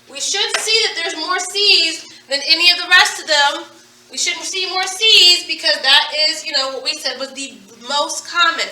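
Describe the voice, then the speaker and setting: Female teacher, unhurried, echoey classroom-style recording. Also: high-pitched, sharp tone, recorded from a distance. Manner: slow, drawn-out teacherly prompting. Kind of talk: recorded phonics lesson.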